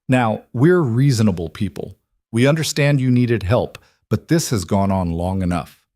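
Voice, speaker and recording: A self-righteous town elder in a frontier audiobook, preachy and accusing, lecturing to be heard by a crowd, as a man reads him. The voice sits low and dry, close to the mic. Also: lively intonation, normal speed, a little mellow, no echo. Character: loud self-righteous older male town leader.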